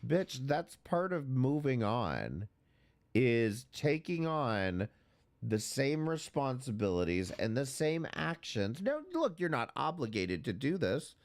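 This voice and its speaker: A man's voice: medium pitch, big pitch swings, slow. A man hosting a reaction commentary show, blunt and mocking, swearing often. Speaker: commentary host.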